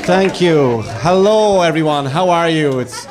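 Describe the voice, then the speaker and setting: On a comedy club stage, a high-voiced Irish comedian performs a stand-up set at a measured pace, telling stories deadpan and landing punchlines. The live recording captures crowd noise, audience laughter and room sound.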